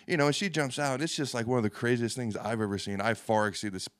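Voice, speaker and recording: A man's voice: medium pitch, fast, smooth, no room sound. A young man, a football player, co-hosting a casual sports podcast and telling a long story with self-mocking asides. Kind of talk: casual sports talk chat.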